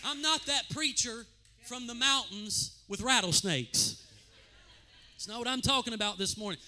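A man preaching a sermon as pastor in a church, with impassioned, repetitive phrasing that swings between loud declarations and hushed appeals. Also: extremely high pitch, normal speed, a little hiss or hum. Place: church sanctuary.

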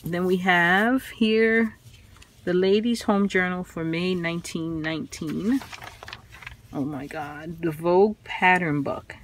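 Speaking slowly in a lowish, steady voice, a woman who vlogs about vintage crafts carefully handles delicate old magazines and marvels at them aloud. It's a relaxed show-and-tell, with slight background noise in the recording.

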